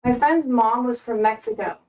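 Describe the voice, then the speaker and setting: A woman's voice: fairly high pitch, moderate pace, darkish tone, far from the mic, low-quality recording. A young American woman chatting casually with her stream while repotting plants, rambling and self-deprecating. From United States.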